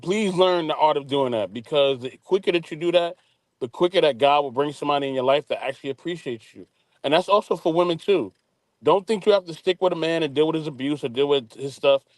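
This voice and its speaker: A man's voice: a little high, fast talker, no echo. Man giving earnest advice to listeners. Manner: preachy, addresses listeners directly. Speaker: call-in guest.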